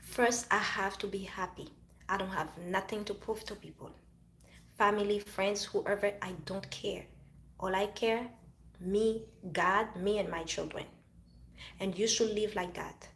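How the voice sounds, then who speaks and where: A woman's voice: medium pitch, fairly even intonation, a little slow, fairly bright tone, echoey room. A woman from Haiti talking to camera about her past relationship, emphatic and preachy, often repeating herself. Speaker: vlogger. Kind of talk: personal talk to camera.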